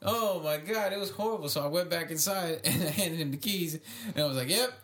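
A man's voice: on the high side, fairly quick, fairly bright tone. A young man on a podcast, telling a story in casual chat and laughing often as he goes. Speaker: podcast co-host.

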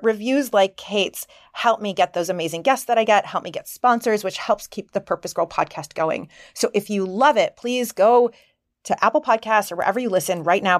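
A woman's voice: mid-range voice, dry recording, studio quality. A middle-aged woman hosting a motivational podcast, talking earnestly and openly about her own experience. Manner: earnest, animated, self-disclosing. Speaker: podcast host.

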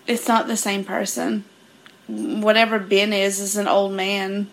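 Woman with a creaky voice telling a story. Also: mid-range voice, unhurried. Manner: laughing, animated retelling with many quoted lines. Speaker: guest. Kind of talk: casual storytelling.

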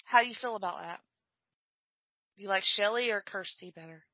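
A woman's voice: medium pitch, brisk, no echo, dull audio. A woman hosting a podcast in casual chat, joking and laughing easily. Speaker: podcast host.

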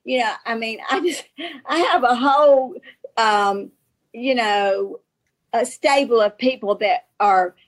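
A woman's voice: fairly high pitch, slow pace. A woman with a Southern accent, a guest author telling stories in a rambling, chatty way full of restarts and laughs, heard over a video call. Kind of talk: casual conversation on a show.

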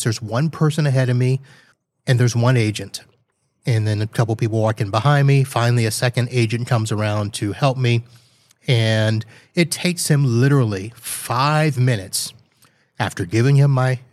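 A male podcast host tells a rambling story in a casual, lightly exasperated way. His voice sits at an ordinary middle pitch for a man. The recording is dry and close, with no room sound. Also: darkish tone, no room sound. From Florida. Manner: rambling, lightly exasperated anecdote with quoted asides.

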